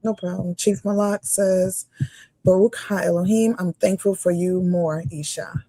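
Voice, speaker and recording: Woman reading live comments aloud, gravelly. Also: lowish voice, fairly even intonation, unhurried, dark tone, no echo. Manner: reads comments aloud, laughs often. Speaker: co-host reading viewer comments.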